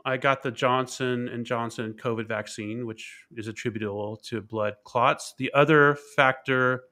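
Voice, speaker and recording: Bright-voiced man telling a personal story. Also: mid-range voice. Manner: candid and reflective, frequent repeated words and fillers. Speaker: keynote speaker and author being interviewed.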